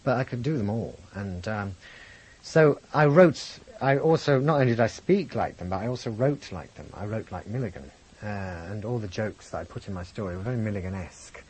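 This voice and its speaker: Interview guest: deep, husky man, posh English accent, reflective and animated. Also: a little fast, poor audio. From England, grew up in Birmingham. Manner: reflective, animated storyteller, lifts voice for quotes. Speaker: guest, comedian and impressionist. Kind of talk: candid interview chat.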